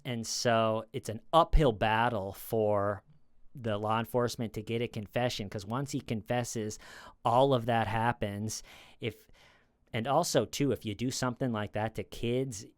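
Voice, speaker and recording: A man's voice: medium pitch, clear, resonant tone, dry recording. Male true crime commentator, casual and rambling, resonant voice, dry close mic. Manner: rambling, acts out quoted lines in a raised voice.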